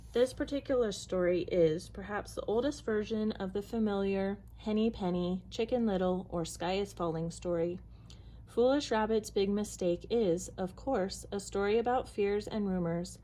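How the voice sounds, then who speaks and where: A woman storyteller introducing a folktale and reading a picture book aloud in a measured, expressive way. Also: mid-range voice, low-quality recording.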